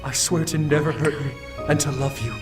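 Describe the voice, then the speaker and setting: Male actor as a devoted game romantic, tender, earnest, distant audio, loud background music. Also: fairly high pitch, fairly even intonation, a little fast, close to an everyday voice. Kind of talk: game voice acting.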